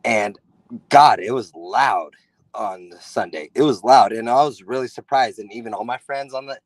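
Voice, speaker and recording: A male caller on a sports talk show who gets worked up and says his points more than once. His pitch sits in the middle of the male range. The recording is dry and close, with no echo. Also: moderate pace. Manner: earnest, excitable, repeats himself for emphasis. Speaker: caller, football fan. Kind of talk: call-in conversation.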